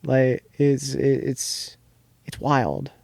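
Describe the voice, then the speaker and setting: A man's voice: medium pitch, steady tone, very slow, vocal fry, a little mellow, no room sound. A young man co-hosting a podcast, casually recapping a TV episode in a rambling way, restarting often and leaning on filler words. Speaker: podcast co-host.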